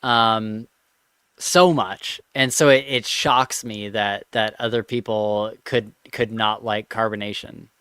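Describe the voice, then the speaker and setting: Male podcast host, smooth and resonant, dry close sound, amused storyteller reading aloud. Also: lowish voice, steady tone, takes it slowly, a bit bright, no room sound. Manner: amused, laughs between lines. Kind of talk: casual chat, reading a listener story aloud.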